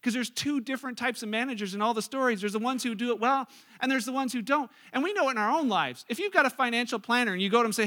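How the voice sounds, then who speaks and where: A man's voice: very high voice, animated, very fast, sharp tone. A man preaching a sermon in a conversational way, reading scripture and acting out the lines of people in his examples. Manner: conversational preaching, acts out characters' lines with rising energy. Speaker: pastor.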